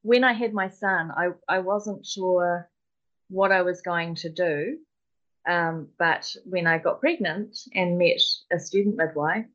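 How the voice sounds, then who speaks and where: Modest New Zealand woman, muffled audio. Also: fairly low pitch. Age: 40s. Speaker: guest. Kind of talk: casual conversation.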